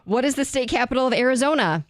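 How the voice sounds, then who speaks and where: A woman's voice: high-pitched, expressive, fast, no room sound, clean studio sound. Chatty woman radio host. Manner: chatty, reads news and quiz questions evenly. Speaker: radio co-host, game presenter. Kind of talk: casual radio chat and quiz hosting. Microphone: studio microphone.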